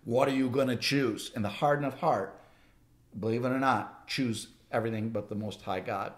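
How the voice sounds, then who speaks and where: A man delivering an informal sermon, talking loosely and conversationally in a middle-pitched voice. He often stops and restarts his sentences as he works through his points. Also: moderate pace. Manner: rambling, many restarts, conversational. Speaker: Bible teacher.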